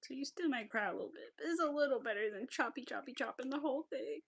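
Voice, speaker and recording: A woman's voice: high-pitched, quick pace, vocal fry, breathy edge. A woman, hosting a crochet livestream and chatting casually, often laughing and sometimes whispering while she counts stitches. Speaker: craft livestream host.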